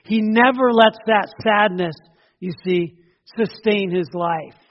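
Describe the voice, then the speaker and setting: A man's voice: sits high, takes it slowly. A man preaching a sermon, asking rhetorical questions and repeating words for emphasis. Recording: dull lo-fi sound in a reverberant hall.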